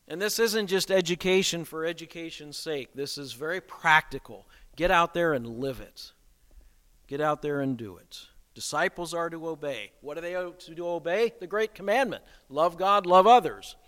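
A man's voice: a little high, moderate pace, a bit bright. A man preaching a sermon, emphatic and posing rhetorical questions to the congregation. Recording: long reverb of a hall.

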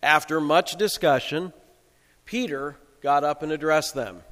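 A male pastor giving a sermon in a relaxed, conversational storytelling way. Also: on the high side, a little slow, long reverb tail.

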